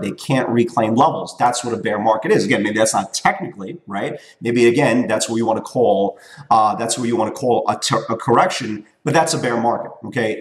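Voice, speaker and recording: Forties guy doing a trading recap, punchy and repeats himself a lot, keeps going "okay? right?", kinda echoey room. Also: mid-range voice. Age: 40s. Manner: emphatic, repeats points, tags lines with "okay?" and "right?". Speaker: trading educator. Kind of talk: weekly market recap talk. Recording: roomy echo.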